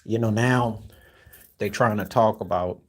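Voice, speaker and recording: A man's voice: lowish voice, unhurried. Blunt skeptical man streaming on a phone. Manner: blunt, skeptical, rhetorical questions, frequent throat clearing. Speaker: live stream host. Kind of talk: casual basketball opinion talk. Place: walking while streaming.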